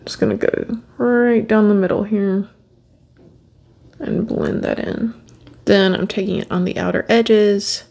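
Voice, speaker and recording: A woman's voice: mid-range voice, gravelly, a little mellow. A woman beauty vlogger talking viewers through a makeup tutorial in a chatty, upbeat way, often calling them friends.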